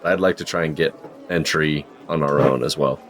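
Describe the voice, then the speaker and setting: A man's voice: extremely low pitch, fairly even intonation, moderate pace. A male player in a tabletop game, politely and hesitantly asking questions in character. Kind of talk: tabletop role-play.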